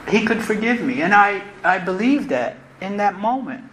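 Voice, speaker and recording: A woman's voice: medium pitch, lively intonation. Earnest woman speaking in an echoey room. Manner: earnest and reflective, repeats phrases, halting restarts. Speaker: closing speaker at a recovery convention. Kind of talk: personal recovery share, spoken from the podium. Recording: roomy live talk recording with faint noise.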